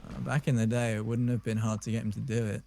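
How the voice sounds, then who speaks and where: A man's voice: on the low side, little pitch movement, quick pace, creaky, warm tone. Rambling jokey man, southern English accent. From southern England. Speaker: streamer. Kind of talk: casual gaming chat.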